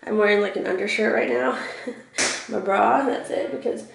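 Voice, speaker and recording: Speaking at normal speed in a creaky, mid-range voice over a noisy background, a young woman from Oklahoma vlogs for her family channel from home. She's sick with a cold and a hacking cough, and her casual storytelling to the camera is heavy on fillers.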